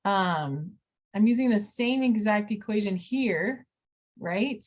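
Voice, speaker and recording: A woman's voice: mid-range voice, expressive, takes it slowly, darkish tone. A middle-aged woman teaching math in a recorded lesson, talking students through each step with playful asides.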